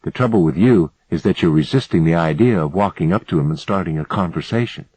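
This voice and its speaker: A man voicing a calm, self-assured woman who speaks quietly and matter-of-factly. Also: sits low, quick pace, breathy edge, dry recording, rough recording. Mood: calm, knowing. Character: calm, knowing woman guide.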